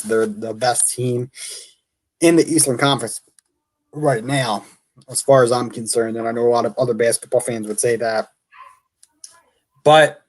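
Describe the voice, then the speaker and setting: Guy hosting a sports talk show, rambly and opinionated, keeps correcting himself, medium voice. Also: mid-range voice. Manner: rambling, self-correcting, thinks aloud; opinionated fan, reads stats off the screen.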